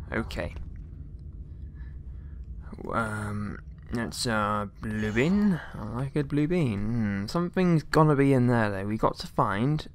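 A man's voice: medium pitch, fairly bright tone, a little hiss or hum. A man giving casual gameplay commentary, rambling along with jokey, mock-outraged asides and mild swearing. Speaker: let's play gamer.

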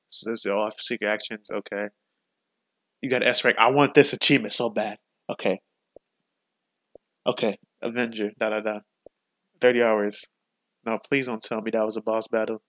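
Male gaming host, loose let's-play chatter, swears a lot, flips between shouting and muttering. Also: on the low side, normal speed, long pauses, no room sound, muffled recording. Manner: profane, rambling, swings between excited outbursts and hushed muttering. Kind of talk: casual let's-play commentary.

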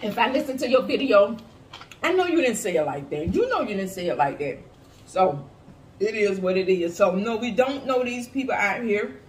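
A woman's voice: medium pitch, big pitch swings, normal speed, distant mic. A woman giving blunt, sassy, profane commentary in a casual reaction video. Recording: echoey room with faint hiss.

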